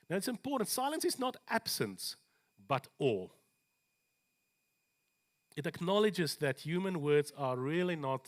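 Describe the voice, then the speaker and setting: A man preaching a sermon in a church, animated, with joking asides and slower scripture readings. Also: on the high side. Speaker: pastor.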